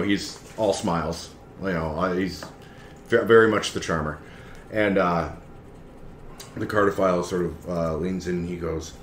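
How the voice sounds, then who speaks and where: A man's voice: low voice, fairly bright tone. A man narrating as game master, rambling with lots of fillers and chuckles. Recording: echoey room, faint background noise.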